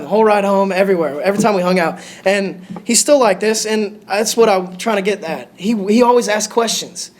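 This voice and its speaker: Standing in a church sanctuary, a high-pitched young man serving as lay preacher gives a short lesson, his delivery nervous and halting with frequent restarted sentences.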